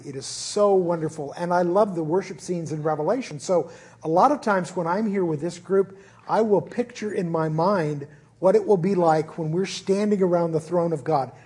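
Man preaching in church, relaxed chatty sermon, kinda husky and pitched up. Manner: earnest, informal, with frequent restarts. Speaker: pastor. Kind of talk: conversational sermon. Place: church service.

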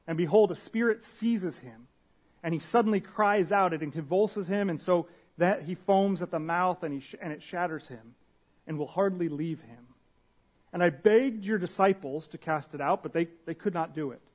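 A man's voice: high-pitched, moderate pace, darkish tone. A young man preaching a sermon as a pastor, casual and conversational, with slang, restarts and Bible readings.

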